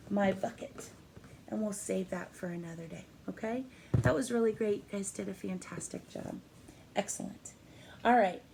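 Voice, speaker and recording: A middle-aged woman teacher speaking gently and encouragingly to young children in an online class, with a sing-song lilt. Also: mid-range voice, creaky, slight background noise.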